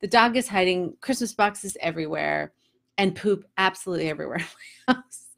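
Gravelly-voiced woman telling a story. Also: fairly low pitch. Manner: chatty and animated, laughing through the story. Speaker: host. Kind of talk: casual storytelling vlog.

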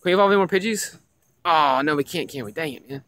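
Young man, excitable streamer, keeps repeating himself, fairly high pitch, dry sound. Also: quick pace, dry recording. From Tennessee. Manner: excitable, repeats himself, addresses chat as guys. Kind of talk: casual live-stream gaming chat.

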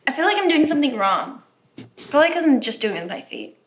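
A woman's voice: high-pitched, big pitch swings, fast. A woman vlogger chatting playfully and joking while she holds a contortion pose, sounding a little strained. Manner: playful, joking, bossy toward her helper. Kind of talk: casual vlog chat. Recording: echoey room with background music.

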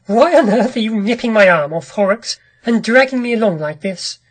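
A storyteller reads as a nervous young painter, polite on the surface with an edge underneath. The voice is husky and mid-pitched. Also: animated, normal speed. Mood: uneasy. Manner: uneasy, forced laughter. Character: nervous young male artist. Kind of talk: audiobook character reading.

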